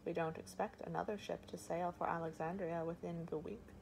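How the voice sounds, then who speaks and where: A woman reading the part of a calm, formal older male harbor master in an audiobook. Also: on the low side, gravelly, a little hiss or hum, low-quality recording. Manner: measured and formal, addressing a lord.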